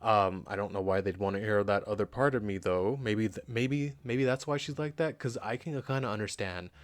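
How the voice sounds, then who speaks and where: A man's voice: lowish voice, normal speed. An American man who hosts a reaction channel, reading a Reddit post aloud and then giving his casual, rambling take. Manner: chatty and rambling, with frequent restarts.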